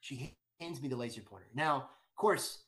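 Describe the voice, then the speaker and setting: A man's voice: medium pitch, animated, normal speed, a bit bright. A middle-aged man eagerly telling a personal story, with lots of restarts and repeated words. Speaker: guest storyteller. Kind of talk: animated storytelling.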